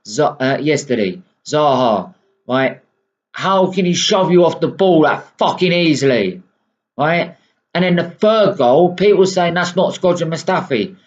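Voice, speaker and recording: Angry man ranting abt his team, swears a lot, kinda high voice, muffled lo-fi audio. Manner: swearing, punctuating with "right?". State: unwell. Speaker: football fan vlogger. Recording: dull lo-fi sound.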